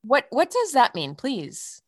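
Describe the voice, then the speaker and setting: A woman in casual podcast chat with a high voice that leaps all over. She reacts loudly and quickly and swears freely. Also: wildly swooping pitch. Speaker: co-host.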